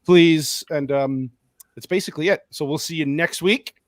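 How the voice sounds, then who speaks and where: A man hosting a podcast in casual chat, joking and affectionate and quick to laugh. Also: on the high side, dry recording. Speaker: podcast host.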